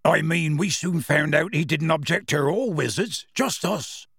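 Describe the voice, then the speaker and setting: Hagrid, a man doing a gruff giant gamekeeper. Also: a little high, a little slow, fairly bright tone, dry recording, clean studio sound, voice pushed up, heavily acted. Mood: gruff storytelling. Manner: rough dialect speech, dropped sounds, storytelling relish. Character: huge gruff male half-giant gamekeeper, warm-hearted. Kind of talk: audiobook character reading.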